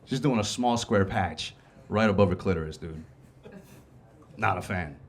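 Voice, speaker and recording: A man's voice: deep voice, normal speed. A man hosting a comedy show, doing a casual, profane stand-up set on a club stage. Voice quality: casual, profane, laid-back delivery.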